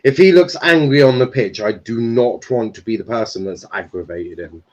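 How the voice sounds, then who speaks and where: A man's voice: mid-range voice, moderate pace, muffled recording. A man hosting a live football stream, chatting casually with loose banter, swearing and restarts. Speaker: stream host.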